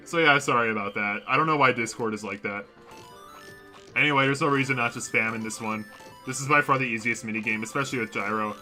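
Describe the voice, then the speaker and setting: A young man streams a video game from a computer in his home, talking to viewers in a casual, rambling way and correcting himself often. His medium-pitched voice is fairly quick and sharp, picked up by a desk mic with faint music behind.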